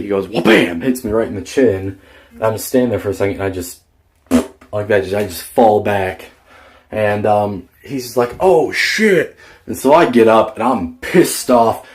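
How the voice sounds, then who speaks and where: Low-pitched man, casual rambling vlog storyteller, profane. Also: a little mellow. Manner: rambling, profane, many fillers. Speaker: vlogger.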